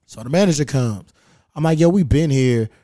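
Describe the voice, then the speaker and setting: A man hosting a podcast, telling stories in a profane, animated way with quoted back-and-forth. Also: mid-range voice, normal speed, no echo, studio quality. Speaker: podcast host. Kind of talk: casual chat, storytelling.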